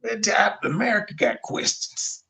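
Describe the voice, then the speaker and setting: A man talks over a clip in a reaction commentary, blunt and openly mocking, with rhetorical questions piling up. His voice sits high for a man and has a gravelly, creaky edge. He swears freely as he picks apart what he hears. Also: animated, moderate pace, sharp tone. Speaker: commentary host reacting to a livestream.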